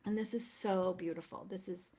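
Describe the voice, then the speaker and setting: A woman's voice: fairly low pitch, fairly even intonation, normal speed. A woman presenting opera program notes in an effusive, enthusiastic manner.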